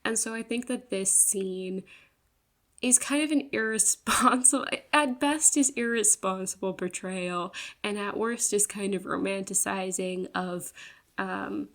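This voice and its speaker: A woman's voice: mid-range voice, unhurried, a bit bright. A young woman giving a casual, rambling book review, full of fillers, swearing and exasperated laughs.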